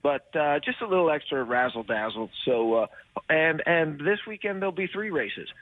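A man on a narrow, tinny phone line talks in an upbeat rush, his voice sitting a touch high and sounding close and dry. He is a race driver taking part in a radio interview, and he keeps restarting his sentences. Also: moderate pace, no echo. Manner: energetic, chatty, many fillers and restarts.

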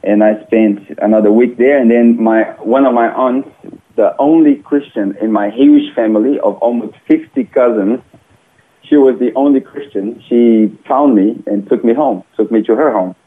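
A man from Brazil, telling his personal testimony in an earnest, animated way with small grammar slips. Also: mid-range voice, normal speed. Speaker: interview guest. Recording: tinny phone line.

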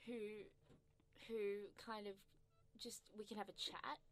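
A woman's voice: medium pitch, level tone, takes it slowly, a crowd in the background. A young woman co-hosting a casual radio chat show, chatty and trailing off with fillers. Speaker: radio co-host. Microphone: studio microphone.

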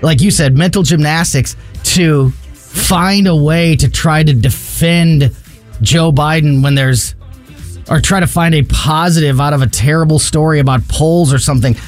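A man's voice: on the high side, measured pace, faint music behind. Indignant male talk radio host. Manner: indignant, mocking. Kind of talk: opinionated radio commentary.

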